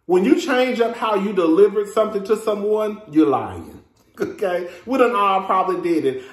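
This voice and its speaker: A man's voice: sits high, big pitch swings, a little slow, reverberant. A man, hosting a casual review vlog in a sassy, chatty way, calling listeners "girl" and laughing often. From Texas. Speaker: reality TV reviewer, host.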